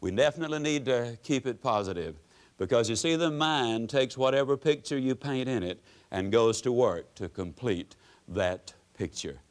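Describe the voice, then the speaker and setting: An older man gives a motivational seminar talk to a live audience, telling stories with emphatic, drawn-out pauses. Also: mid-range voice. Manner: folksy, storytelling, emphatic with dramatic pauses. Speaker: motivational speaker.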